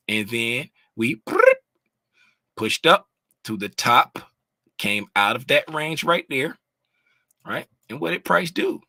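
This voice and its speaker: A man's voice: mid-range voice, no echo, studio quality. A man walking viewers through price charts in a live lesson, asking the audience questions and drawing out key terms. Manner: animated, sings out terms, asks the audience questions. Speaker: trading educator.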